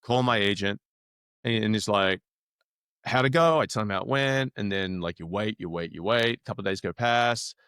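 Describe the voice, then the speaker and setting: A man in his fifties from Australia with an Australian accent, a guest telling animated stories and acting out the dialogue. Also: fairly low pitch, brisk, smooth, no room sound, clean studio sound. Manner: animated, acts out quoted dialogue. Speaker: actor guest. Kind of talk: casual storytelling.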